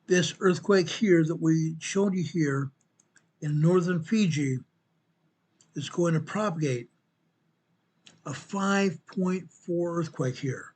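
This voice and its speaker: A man hosting a show, walking viewers through an earthquake map in a slow, emphatic way and repeating his points. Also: fairly high pitch, a little mellow, husky. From United States. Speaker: show host presenting earthquake updates. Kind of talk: informal map walkthrough commentary.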